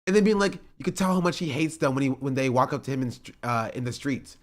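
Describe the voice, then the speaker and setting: A man's voice: mid-range voice, animated, fast talker. A male streamer in casual chat, reacting to online drama in a rambling, exasperated way with many filler words.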